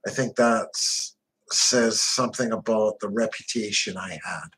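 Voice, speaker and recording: A man's voice: lowish voice, measured pace, a bit bright, breathy edge, rough recording. A man narrating a first-person crime memoir in a blunt, profane, tough-guy way.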